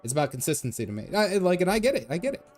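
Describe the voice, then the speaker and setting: A man's voice: high voice, big pitch swings, racing, a little mellow. Chatty male game streamer over faint music. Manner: chatty, rambling, answers chat as he goes. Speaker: gaming streamer. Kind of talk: casual live-stream chat while gaming.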